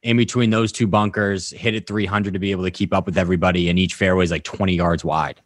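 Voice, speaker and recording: A man's voice: low-pitched, fairly even intonation, fast, dry recording, clean studio sound. A man co-hosting a podcast, talking golf in a blunt, casual way and swearing freely. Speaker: podcast co-host. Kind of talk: casual sports chat.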